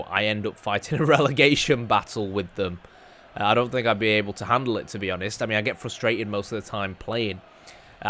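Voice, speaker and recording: A young man, a gaming YouTuber, gives casual commentary over his football game, chatty and rambling, filling pauses with ums and ahs and poking fun at himself. His voice is on the low side and a bit bright.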